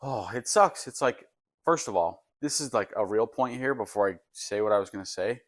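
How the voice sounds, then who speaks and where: A man's voice: fairly low pitch, normal speed. A young man co-hosting a podcast, chatting casually with slangy, joking asides. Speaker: podcast co-host. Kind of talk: casual chat.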